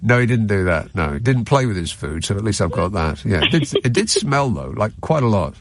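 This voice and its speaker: A man's voice: lowish voice, brisk, no echo. A man co-hosting a chat show, telling a wry anecdote with a cold. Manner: wry anecdotal storyteller, animated. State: has a cold. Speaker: radio show co-host. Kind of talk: casual chat, storytelling.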